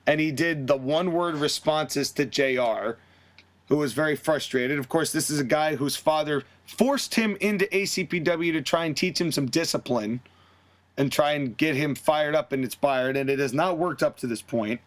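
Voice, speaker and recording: A man's voice: on the high side, normal speed. A man hosting a podcast, animatedly recapping a wrestling storyline and acting out the characters' quotes in shifting voices. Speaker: podcast host. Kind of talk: casual recap of a fantasy wrestling booking.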